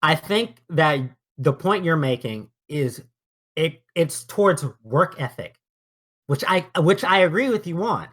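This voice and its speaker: A man's voice: fairly high pitch, sing-song, unhurried, fairly bright tone. A man co-hosting a podcast, arguing his point emphatically, swearing often and tripping over his words as he starts. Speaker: podcast co-host. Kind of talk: casual podcast argument.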